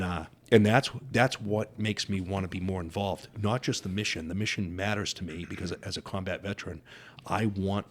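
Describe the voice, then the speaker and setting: Middle-aged deaf man guest, very low voice, earnest storyteller who acts out the dialogue he quotes. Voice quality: deaf speaker who wears hearing aids. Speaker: podcast guest. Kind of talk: casual interview chat.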